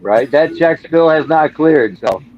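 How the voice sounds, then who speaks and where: A man's voice: a little high, lively intonation, unhurried, a crowd in the background. A man appearing as a guest on a casual live stream, making dry, easygoing quips. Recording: dull lo-fi audio.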